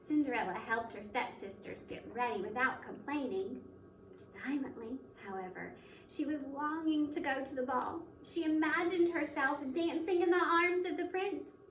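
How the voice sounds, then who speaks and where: Woman teacher, storybook read-aloud, expressive, high voice, recorded far from the mic. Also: moderate pace. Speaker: teacher reading to children. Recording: echoey room, mic at a distance, faint background noise.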